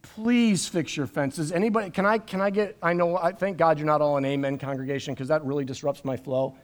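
Animated high-voiced male pastor preaching. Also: fast talker. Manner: animated, jokey asides, repeats words. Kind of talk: live-streamed sermon. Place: church stage.

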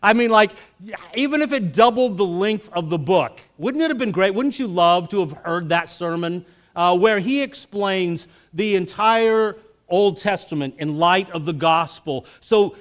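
A man's voice: sits high, animated, a little slow. A male preacher giving a sermon in a casual, conversational way, with jokes and filler words.

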